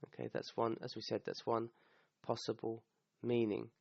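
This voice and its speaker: A man with a gravelly, mid-pitched voice explains a scripture verse in a relaxed talk. He keeps stopping to restart and checks in with a quick "okay?". The recording is dull and dry, with no room sound. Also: dry recording. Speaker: Quran teacher.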